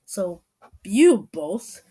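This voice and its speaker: A woman voicing an irritated mother who loudly scolds her two arguing sons in a storybook reading. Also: mid-range voice, very animated, very slow, husky, exaggerated voice. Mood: scolding. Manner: loud, exasperated scolding.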